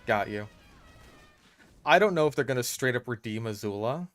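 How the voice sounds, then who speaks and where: A man of middle pitch doing gaming commentary as a voice-over. He rants in an exasperated, sweary way, breaking off his sentences and starting again, with a steady stream of "like". It is casual, fed-up venting over gameplay. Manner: halting, restarts with lots of "like". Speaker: gaming YouTuber.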